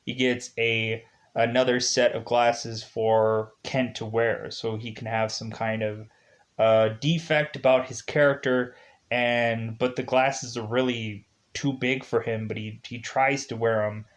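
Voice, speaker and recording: A man giving a casual spoken movie review, rambling and animated, with lots of filler words. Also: medium pitch, measured pace. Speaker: film reviewer.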